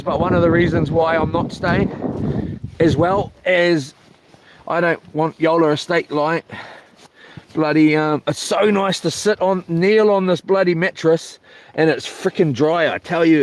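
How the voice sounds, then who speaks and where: A man's voice: a little high, measured pace, rough recording. A man chatting casually in a camping vlog, rambling with many fillers and mild swearing, recorded outdoors at a coastal campsite. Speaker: camping vlogger. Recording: outdoor wind and noise.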